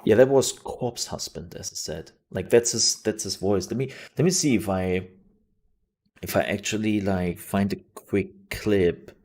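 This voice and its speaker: Low-voiced guy streaming, talks kinda slow, lots of likes and ums. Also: darkish tone. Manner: rambling, with many fillers and restarts. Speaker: streamer and news show host. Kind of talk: casual live-stream chat.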